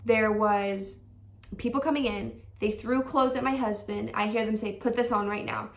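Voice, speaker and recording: A woman's voice: on the high side, fairly even intonation, moderate pace, roomy sound, far from the mic. A young woman vlogger telling a personal story in a casual, chatty way, full of "like" fillers and acted-out quotes. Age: young adult.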